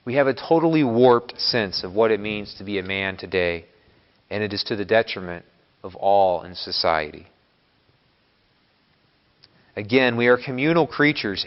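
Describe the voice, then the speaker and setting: A Catholic priest giving a homily in a church, speaking in a measured, emphatic way that builds lists of words. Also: male voice, medium pitch. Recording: long church reverb, dull lo-fi sound.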